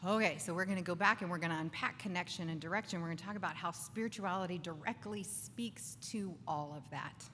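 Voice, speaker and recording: Lively woman giving a talk at a pub gathering, bright voice, long echo, faint room noise behind. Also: on the low side, fairly quick, few pauses. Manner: animated, acts out inner voices, asks the crowd "right?". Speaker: speaker. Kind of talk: lively faith talk to a live audience. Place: bar gathering with live audience. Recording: distant voice with long reverb, faint ambience.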